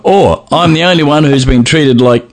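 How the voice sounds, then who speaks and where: A man hosting a podcast in casual chat, animated and often laughing as he reads messages aloud. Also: on the high side, normal speed. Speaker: podcast host.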